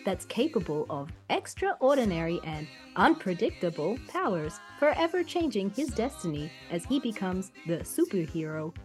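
A woman voicing a calm female alien AI scarab, reading in an even, steady way. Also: mid-range voice, moderate pace, hardly any pauses, soft background music, lightly acted. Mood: measured.

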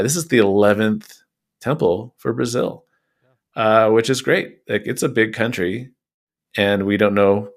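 A young man talks through a casual podcast discussion in a fairly low voice. He rambles, circling back with fillers and false starts as he works out his point. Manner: rambling, lots of fillers and restarts. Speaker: podcast co-host.

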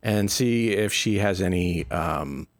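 A man's voice: sits low, slow, background noise. A man hosting a casual podcast, joking and hesitant, with many fillers and restarts.

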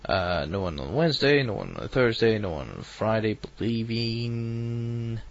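A man's voice: sits low, huge pitch swings, brisk, gravelly, highs cut off. A man hosting an online radio show, rambling and self-deprecating, hesitant as he signs off. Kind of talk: casual online radio chat.

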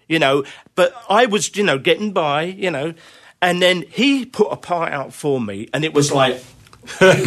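Middle-aged male guest, slightly high voice, chatty rambling storyteller. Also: a bit bright. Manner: rambling anecdotes with many fillers and laughter. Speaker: interview guest, drummer. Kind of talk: casual conversational storytelling.

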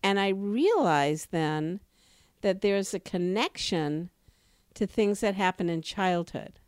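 A woman co-hosting a podcast, telling stories in a lively, emphatic way with sudden rises in her voice. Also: slow pace, clear, resonant tone, no room sound, studio quality. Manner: animated storyteller, emphatic rises in pitch. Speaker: podcast co-host. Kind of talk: casual podcast conversation.

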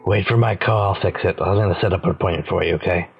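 A man's voice: low-pitched, fairly even intonation, fast talker, vocal fry, highs cut off, faint music behind. A man playing a tabletop role-playing game, laid-back and prone to chuckling as he plans. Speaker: player.

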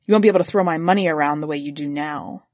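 A woman voicing a grumbling, contemptuous middle-aged husband in a read-aloud story, lowering her voice and speaking with gloomy scorn. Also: racing, darkish tone, no room sound. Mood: scornful.

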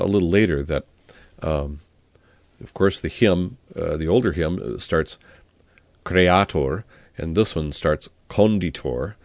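Low slow guy explaining latin hymns and chanting plainsong, dry close sound. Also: no room sound. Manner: chanting plainsong hymn verses; relaxed explanatory talk with fillers. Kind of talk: spoken explanation and sung Latin hymn.

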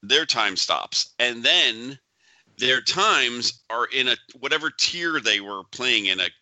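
A man's voice: medium pitch, expressive, slow pace, bright, forceful tone, no room sound, low-quality recording. A man co-hosting a podcast in casual chat, who often chimes in with brief agreeing remarks. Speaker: podcast co-host.

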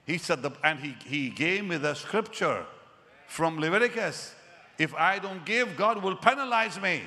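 Older guy preaching, bright voice, animated storytelling, big echoey hall. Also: fairly high pitch, moderate pace. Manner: animated, acts out quoted dialogue with rising emphasis. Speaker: evangelist preacher. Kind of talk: sermon storytelling.

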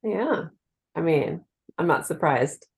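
A woman co-hosting a casual podcast, chatty and quick to laugh. Her voice is on the lower side. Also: expressive, a little mellow. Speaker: podcast co-host.

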